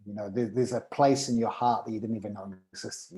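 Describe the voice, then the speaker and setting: A man, a podcast guest, telling a personal story in casual conversation and acting out the dialogue with lively energy. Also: lowish voice, a little fast, low-quality recording.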